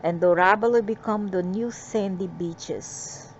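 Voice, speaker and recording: A woman's voice: mid-range voice, unhurried, muffled recording, slight background noise. A woman reading out channeled spiritual messages in a rambling way, breaking into defiant, scolding asides.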